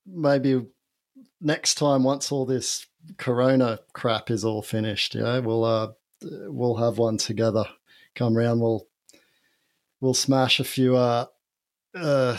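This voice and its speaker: A man's voice: medium pitch, slow pace. Laid-back Australian man, joking. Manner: relaxed, laughs often, jokey. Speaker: podcast guest. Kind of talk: casual chat.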